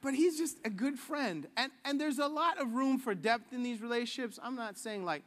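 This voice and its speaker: High-voiced casual jokey preacher man. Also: expressive, moderate pace, a bit bright, in a large hall. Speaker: pastor. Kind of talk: sermon.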